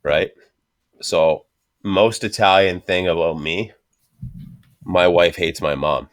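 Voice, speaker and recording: Deep-voiced man, profane and animated. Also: slow. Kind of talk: casual chat.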